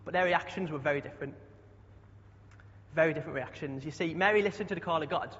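A man's voice: fairly high pitch, quick pace, a bit bright. A young man preaching a chatty sermon, often asking the congregation questions. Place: church hall. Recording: dull sound with long hall echo.

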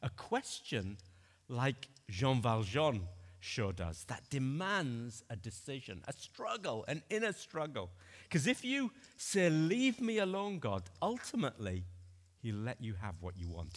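A man preaching a sermon in a church, earnest and dramatic, swinging between loud and hushed delivery. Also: medium pitch, sing-song, measured pace. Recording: long reverb of a church hall.

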